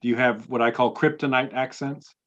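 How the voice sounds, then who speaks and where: A man's voice: mid-range voice, fairly even intonation, fairly quick, a bit bright, dull audio. A man co-hosting a podcast who asks the guest questions in a friendly way and laughs easily. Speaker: podcast co-host. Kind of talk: podcast interview.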